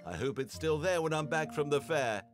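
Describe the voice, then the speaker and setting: A man voicing Mikola, an excitable village moonshiner, in a raised, animated voice. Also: on the high side, moderate pace, faint music behind, pitched above the performer's own voice, natural voice. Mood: friendly. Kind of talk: game voice acting.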